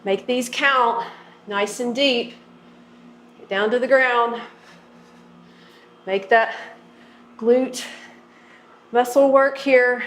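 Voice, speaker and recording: A woman's voice: fairly high pitch, fairly even intonation, very slow, pauses often, fairly bright tone, echoey room, slight background noise. A woman fitness instructor guiding a workout and stretch, coaching and encouraging as she goes. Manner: encouraging, coaching through moves.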